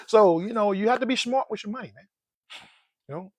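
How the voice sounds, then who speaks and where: A playful man talks about money and life in a high, lively voice, laughing often and dropping folksy slang. The sound is close and dry. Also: dry recording. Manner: folksy slang, calls listeners "man" and "dog". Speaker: personal finance vlogger. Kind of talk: casual motivational talk.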